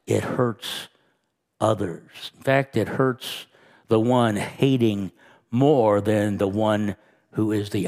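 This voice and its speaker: Slow, emphatic preaching man. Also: medium pitch, a little mellow. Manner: slow, emphatic preaching that rises and quickens when retelling scenes. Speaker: pastor. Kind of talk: sermon.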